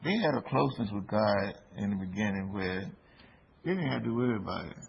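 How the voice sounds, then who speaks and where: A man preaching a sermon in a slow, deliberate way, his voice rising for emphasis. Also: lowish voice, lively intonation, vocal fry. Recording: dull lo-fi recording with faint background noise.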